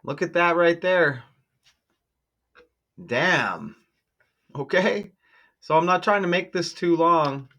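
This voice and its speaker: A man hosting his own channel, talking casually and excitedly to viewers while walking through on-screen material, exclaiming often. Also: on the high side, slow, pauses often. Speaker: channel host decoding news numbers. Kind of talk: casual screen-share commentary.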